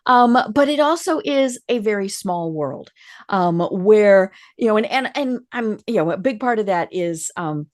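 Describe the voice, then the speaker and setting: A woman's voice: mid-range voice, lively intonation, unhurried, darkish tone. A woman hosting a business podcast interview, chatting casually and murmuring agreement often. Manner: chatty, frequent affirming murmurs. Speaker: podcast host.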